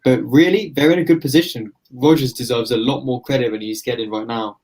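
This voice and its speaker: A man's voice: medium pitch, fairly quick, a little mellow. A man delivering long, flowing football opinions on a podcast. His voice sits in a mid register and stays conversational. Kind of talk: casual football podcast analysis.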